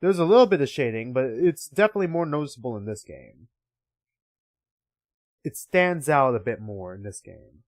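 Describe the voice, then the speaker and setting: A man's voice: medium pitch, very animated, normal speed. A young man streaming a game, chatting casually, swearing freely and reading the story aloud.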